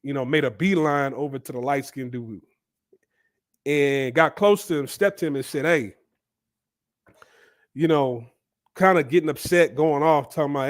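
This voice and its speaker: A man speaking tells a story casually, in a rambling, chatty manner. He often restarts his sentences and leans on fillers. His voice sits a little higher than most men's. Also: normal speed, long pauses. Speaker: vlogger.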